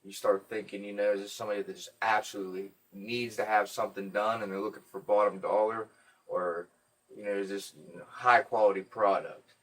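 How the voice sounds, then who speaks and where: A man's voice: fairly low pitch, brisk, distant mic. A man hosting a podcast, telling stories in a casual, profane, joking way. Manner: profane, joking, animated storyteller. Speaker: podcast host. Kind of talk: casual storytelling chat.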